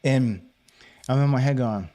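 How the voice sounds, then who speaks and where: A man's voice: medium pitch, unhurried. A man co-hosting a podcast, talking casually and acting out the voices of the people in his story. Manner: animated storyteller, acts out quoted voices. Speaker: podcast host. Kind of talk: casual chat.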